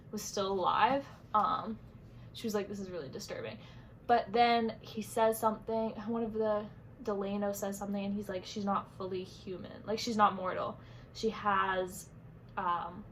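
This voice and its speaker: A woman's voice: mid-range voice, low-quality recording. Chatty young woman rambling about a book. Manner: chatty, rambling, many fillers. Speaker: book reviewer. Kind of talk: casual book review vlog. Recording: faint background noise.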